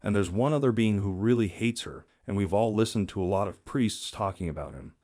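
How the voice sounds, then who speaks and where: A calm man with a low voice speaks to his viewers in earnest commentary. The sound is dry and close, with no room around him. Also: a little fast, no room sound. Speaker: channel host.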